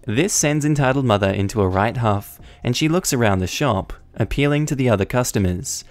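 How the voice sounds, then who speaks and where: A man reads online stories aloud with a wry, deadpan comic touch. His voice sits at a middle pitch. The recording is dry and close, with faint music playing underneath. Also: a little fast, few pauses, dry recording. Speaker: story narrator. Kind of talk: scripted narration of online stories.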